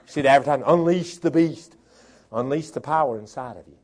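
A man preaching a sermon as pastor, dropping to quiet talk and rising to shouted preaching. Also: medium pitch, a little fast. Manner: swings from soft talk to shouted preaching, imitates a chainsaw.

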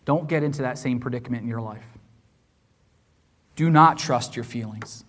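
A man preaching a sermon as pastor, emphatic and repetitive, swinging from hushed low passages to loud raised ones. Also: moderate pace. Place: church sanctuary. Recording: long hall reverb from a church.

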